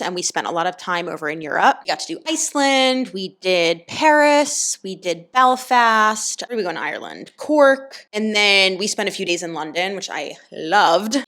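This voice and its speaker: A woman's voice: on the low side, fairly bright tone. A young woman, a personal trainer, chatting casually to camera and explaining her views with lots of "like" fillers.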